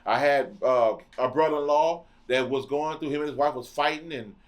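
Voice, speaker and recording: Middle-aged male podcast host, slightly raised pitch, impassioned blunt preaching delivery. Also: moderate pace. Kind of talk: preaching monologue.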